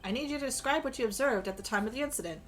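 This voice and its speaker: A woman's voice: fairly high pitch, very fast. A woman streaming a game, reading the dialogue aloud with joking, crude asides and a strained voice.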